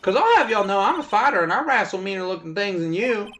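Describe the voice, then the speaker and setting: A man voicing a brash, loud country woman photographer with a put-on Southern US drawl. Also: sits high, sing-song, quick pace, slight background noise, pitched above the performer's own voice. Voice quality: twangy drawl.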